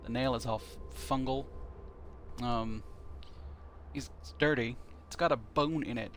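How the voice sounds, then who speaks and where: Gravelly man rambling over gameplay. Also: mid-range voice, unhurried, fairly bright tone, slight background noise. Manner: rambling, thinking aloud with many fillers. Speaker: streamer. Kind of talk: casual commentary while playing. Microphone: console headset.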